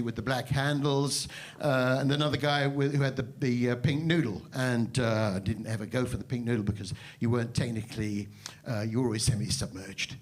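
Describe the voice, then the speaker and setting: Rambling, mock-serious male comedian. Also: mid-range voice. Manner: rambling, halting delivery full of fillers and restarts; mock-serious, self-deprecating. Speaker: stand-up comedian. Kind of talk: live stand-up storytelling with crowd banter. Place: live venue stage before an audience.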